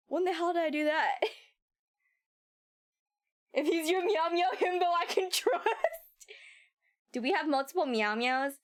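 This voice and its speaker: A young adult woman streaming a game in casual chat, animated and giggly, swearing freely into a desk microphone. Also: a little high, clean tone.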